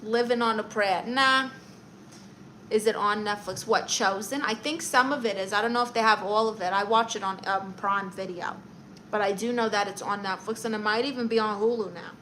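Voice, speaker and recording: A woman with a medium-pitched, fairly bright voice hosts a casual livestream, reading viewer comments aloud in a chatty, playful way and laughing at herself. Her intonation is fairly even and her pace moderate. The audio is poor, with slight background noise.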